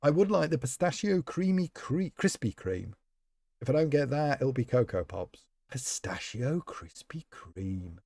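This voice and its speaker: A man's voice: medium pitch, big pitch swings, measured pace, creaky, a little mellow, no echo, clean studio sound. A man live-streaming a game, chatting in a rambling way and talking to viewers by name. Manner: rambling, chatty, talks to chat members by name. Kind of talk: casual live-stream chat while playing.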